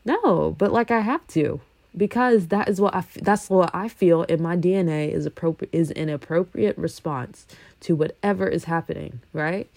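A young woman from a Congolese family, talking casually and animatedly, swinging from loud bursts to low asides. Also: moderate pace, vocal fry, no echo. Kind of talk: casual monologue.

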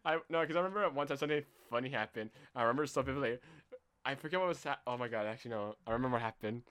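A man's voice: mid-range voice, rapid-fire, smooth. Young guy cohosting a chill podcast, laughs a lot, rambles, trips over his words. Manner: animated, laughing, lots of fillers and restarts. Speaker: podcast co-host. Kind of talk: casual chat.

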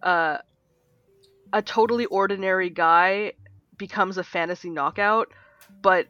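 A woman's voice: mid-range voice, measured pace, dry recording, dull audio, soft background music. A woman co-hosting a casual podcast, telling stories with acted-out quotes, laughing and swearing freely. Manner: animated storyteller, acts out quotes, laughs often, swears. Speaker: podcast co-host. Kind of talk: casual chat.

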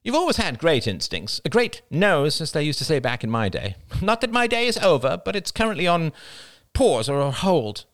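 Guy doing a snappy, showy middle-aged lady, used to be a big-shot reporter, pitched up and swooping, dry sound. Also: big pitch swings, normal speed, few pauses, a bit bright, no echo. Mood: boastful. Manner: brash, snappish, theatrical. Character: proud ailing middle-aged woman, former famous reporter.

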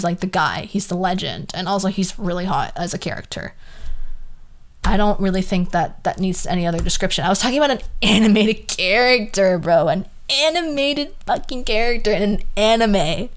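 A woman's voice: lowish voice, fast. A young woman hosting a podcast, ranting casually in an exasperated, sarcastic way, swearing freely and trailing off into asides. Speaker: podcast host.

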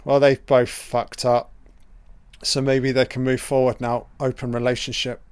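A man's voice: mid-range voice, a little slow, clean tone, no echo. Sweary man reacting to a film. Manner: sweary, excitable, talking over a film as it plays. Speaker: film commentator. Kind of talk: casual live reaction commentary.

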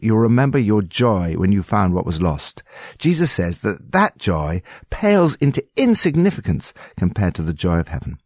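Low-voiced man giving devotional commentary. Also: darkish tone, no echo, clean studio sound.

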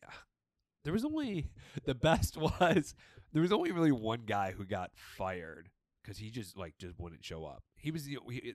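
A young man co-hosting a podcast, chatting casually and telling animated, swear-filled stories about old jobs. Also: fairly low pitch, no room sound. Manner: animated storytelling, swears freely. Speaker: podcast co-host. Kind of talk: casual chat.

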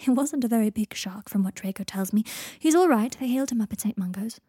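Brief: female narrator doing a reassuring older witch, soft and fond. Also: on the high side, animated, fast talker, breathy edge, dry recording, clean studio sound.

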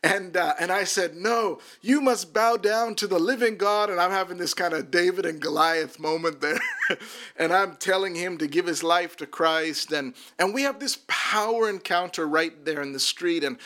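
Man, minister, personal testimony, earnest, repeats words, fairly high, bright and forceful. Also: moderate pace.

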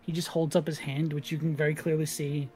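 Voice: mid-range voice, little pitch movement, fairly quick, a little mellow, soft background music. A game master narrating a tabletop game in a casual, descriptive way with frequent fillers.

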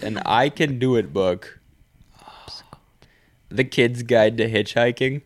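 A man co-hosting a podcast, reading out joke titles deadpan in casual chat. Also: mid-range voice, slow pace. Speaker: podcast co-host.

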